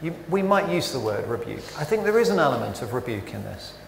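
A man's voice: medium pitch, fast, gravelly, slight background noise. A man preaching a sermon in a church, conversational and full of rhetorical questions. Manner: conversational, self-interrupting, animated rhetorical questions. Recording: echoey church with long reverb.

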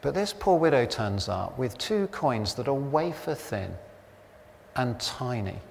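A man in his fifties gives a sermon in a relaxed, anecdotal way, slipping in dry jokes. His voice sits at a middle pitch. It rings out through a church with a long reverb and a faint hum of ambience behind it. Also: a little slow, vocal fry. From Britain. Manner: chatty, anecdotal, wry humour. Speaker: pastor.

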